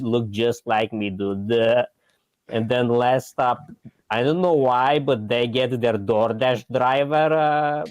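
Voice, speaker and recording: A man's voice: medium pitch, dry recording, close to an everyday voice. A caller doing a crude, smug male streamer. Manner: slow, crude, laughing at his own jokes.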